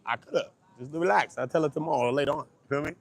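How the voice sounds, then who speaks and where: Give me a joking, cursing man, vlogging live out on the street in a slightly high voice. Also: rapid-fire, creaky. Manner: animated, profane, joking, hypes up passersby. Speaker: livestreaming vlogger. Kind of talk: loud casual street livestream. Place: outdoors on a busy street.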